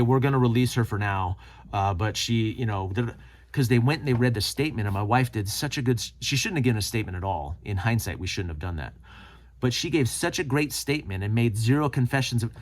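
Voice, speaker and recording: A middle-aged man hosting his own channel, telling a personal story to camera and acting out the people he quotes. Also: medium pitch. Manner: animated, acts out quoted people. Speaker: channel host.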